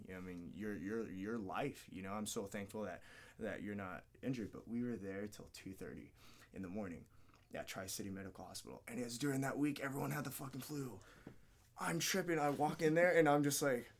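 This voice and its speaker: A podcast guest who's an MMA fighter goes through a lengthy story from his life in a frank, meandering way. His voice is on the low side and a little fast, peppered with swearing and reenactments of what others said.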